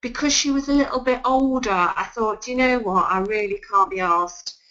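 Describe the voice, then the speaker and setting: A woman's voice: on the high side, moderate pace, a bit bright. Chatty woman on a dull web call. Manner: chatty, many ums and restarts. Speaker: sales consultant giving tips. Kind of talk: webinar talk. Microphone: video call.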